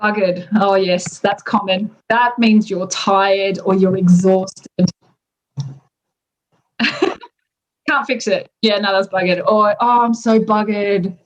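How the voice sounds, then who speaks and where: An Australian woman explaining local slang in a relaxed, chatty way, pausing with ums as she goes. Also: mid-range voice. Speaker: native speaker explaining slang. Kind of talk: casual explanation.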